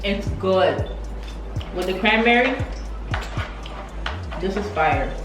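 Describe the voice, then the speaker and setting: A woman's voice: mid-range voice, animated, takes it slowly. A young woman co-hosting a casual eating vlog, chatting in a laid-back, playful way. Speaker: vlog co-host. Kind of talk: casual mukbang chat. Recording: roomy sound with background music.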